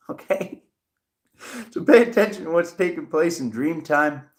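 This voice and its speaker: A man's voice: a little high, animated, measured pace. A man giving a casual, chatty tarot reading to camera. He rambles playfully, with jokey asides and laughter. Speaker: tarot reader. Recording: echoey room.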